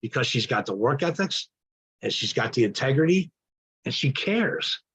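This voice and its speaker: A man hosting an online training call who warmly introduces the next speaker. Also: medium pitch, very animated, normal speed, husky. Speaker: host introducing a guest. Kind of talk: enthusiastic introduction.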